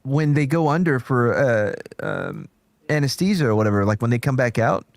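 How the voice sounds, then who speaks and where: A man's voice: medium pitch, lively intonation, moderate pace, dry recording. A man hosting a casual chat show, crude, joking and rambling. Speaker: host.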